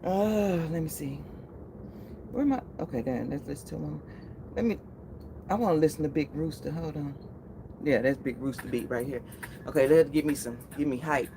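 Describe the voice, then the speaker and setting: A woman's voice: sits low, normal speed, pauses often, background noise. Chatty woman hosting a live stream. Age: 40s. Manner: chatty, laughs often, greets viewers by name. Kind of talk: casual live-stream chat.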